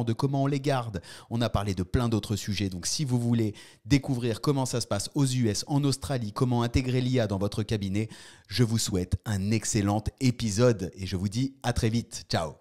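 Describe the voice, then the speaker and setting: A man from France hosting an interview over a video call, speaking eager, halting English with a French accent. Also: medium pitch, a little mellow. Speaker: podcast host. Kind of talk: interview host.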